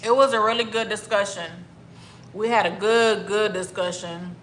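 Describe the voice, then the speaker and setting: Her medium-pitched voice pushed and bright, a livestream host from Miami talks slowly and pauses often. In an echoey room, she reads viewer comments in casual chat, greets people by name, and draws out her words.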